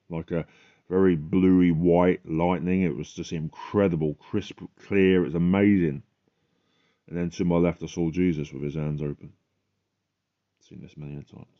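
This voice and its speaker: A man's voice: very deep voice, highs cut off. A man hosting a podcast, giving a fervent, emphatic religious testimony.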